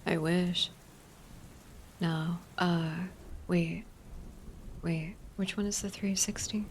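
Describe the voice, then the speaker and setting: A woman streamer in a whispered ASMR chat, musing softly in rambling, nerdy tangents. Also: lowish voice, fairly even intonation, takes it slowly, slight background noise.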